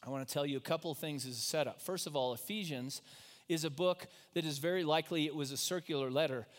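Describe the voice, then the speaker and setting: A man's voice: fairly high pitch, quick pace. Casual, joking pastor, man. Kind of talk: sermon. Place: church.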